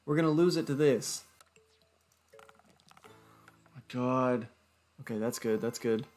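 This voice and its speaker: A man's voice: medium pitch, moderate pace, a little mellow, soft background music. A young man commentating his own gameplay, exasperated, swearing and groaning at his bad luck. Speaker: gaming YouTuber.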